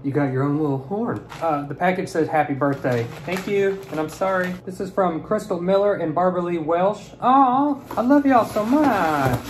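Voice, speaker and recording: A young man chatting playfully while opening fan mail, swinging from mumbles to high squeals. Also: background noise. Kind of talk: casual unboxing chat.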